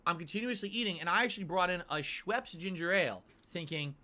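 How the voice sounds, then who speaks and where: A man reviewing a sandwich on stream while he eats, describing each bite slowly and with relish. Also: high voice, lively intonation, bright, forceful tone. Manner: savoring, drawn-out descriptions between bites. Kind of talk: food review while eating.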